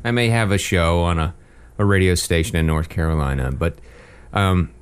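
A man's voice: sits low, moderate pace, smooth. A man who works in radio, co-hosting a podcast and trading teasing jokes in casual chat. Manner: joking, teasing banter.

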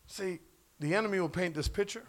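A man's voice: high voice, brisk, a bit bright. A pastor preaching a sermon in church, casual and slangy, asking the congregation questions as he goes. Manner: call-and-response preaching, asks the crowd questions.

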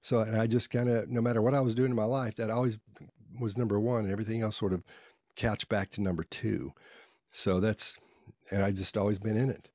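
A man with a lowish voice answers interview questions by spinning loose, folksy stories. He often circles back and restarts his sentences. The sound is dry, with little room around it. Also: level tone, fairly quick, a little mellow, no echo. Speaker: podcast guest, body language expert. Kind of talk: casual storytelling interview.

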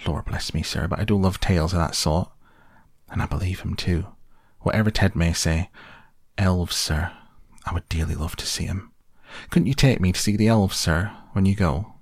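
A man's voice: deep voice, moderate pace, no echo, clean studio sound. A man voicing a nervous, humble young hobbit gardener with rustic, stammering speech, full of "sir", in an audiobook. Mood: earnest. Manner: anxious and pleading, full of "sir". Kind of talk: audiobook character voice.

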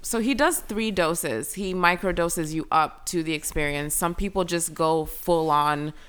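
A young woman telling a personal story as a guest in a casual chat, full of fillers and lively retelling. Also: lowish voice, unhurried, clean tone. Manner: chatty, filler-heavy, animated retelling.

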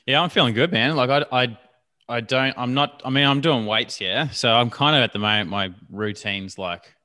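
Upbeat slangy podcast host. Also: male voice, mid-range voice, moderate pace, sharp tone. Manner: laid-back, upbeat, slangy. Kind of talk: casual podcast chat.

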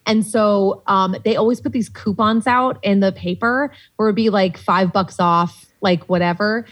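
Husky woman telling work stories. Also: mid-range voice, measured pace. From Boston, USA. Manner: animated, swears freely, many "like" fillers. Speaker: podcast guest. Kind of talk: casual storytelling chat.

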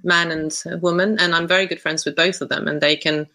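A woman's voice: lowish voice, steady tone, brisk, pushed and bright, rough recording. A woman guest on a podcast, talking reflectively and hesitantly, thinking aloud with many restarts. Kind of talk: reflective conversational interview.

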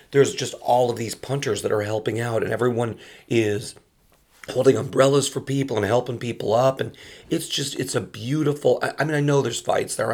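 Male storyteller, gravelly and husky, animated anecdote delivery. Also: mid-range voice. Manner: acts out quoted voices, restarts often. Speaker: comedian telling a story.

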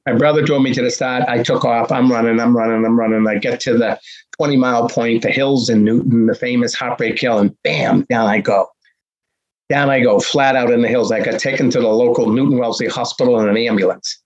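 Husky older man telling stories. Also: medium pitch, steady tone, fairly quick. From Boston area, USA. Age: 60s. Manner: acts out dialogue, punchy repetitions. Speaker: guest telling his life story. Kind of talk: animated storytelling. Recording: dull lo-fi recording.

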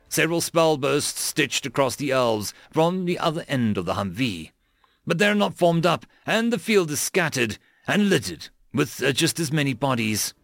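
A man narrates a battle scene with a lively, dramatic delivery. His pitch moves a lot around a mid-range voice, and the recording is dry and close with no room sound. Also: dry recording. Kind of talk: audiobook narration of military fiction.

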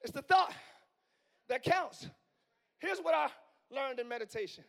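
A hoarse man in his forties preaching a live sermon as pastor, swinging from quiet musing to yelling. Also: very high-pitched, animated, unhurried. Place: church sanctuary.

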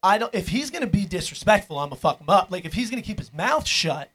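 A man's voice: sits high, big pitch swings, quick pace, a bit bright. A young man telling a rambling, profane story in casual chat with a friend.

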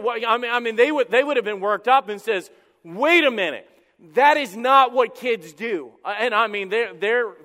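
A man's voice: high-pitched, a bit bright, in a large hall. A male pastor preaching a sermon, emphatic and repeating words as he builds up.

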